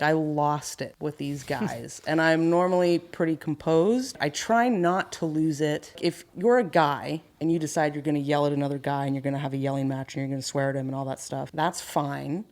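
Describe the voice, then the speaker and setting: A woman in her thirties, a carpentry business owner, candidly telling stories from the job as a podcast guest. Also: low-pitched. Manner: candid, animated storyteller. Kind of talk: casual podcast storytelling.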